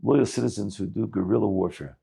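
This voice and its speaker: A rabbi giving a talk, telling a story in animated English sprinkled with Yiddish words and frequent restarts. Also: male voice, fairly low pitch, brisk, gravelly, slightly rough.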